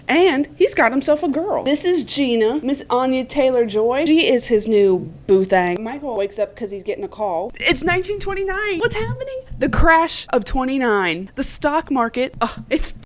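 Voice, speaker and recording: A young woman casually recapping a TV series to her viewers, rambling, laughing often and swearing freely. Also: a little high.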